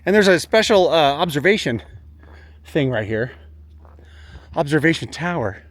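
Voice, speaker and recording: A man vlogging on a hike outdoors, exclaiming excitedly at the sights while filming on a handheld pocket camera. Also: on the high side, normal speed. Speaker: travel vlogger. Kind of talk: walking travel vlog. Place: outdoors on a hilltop trail.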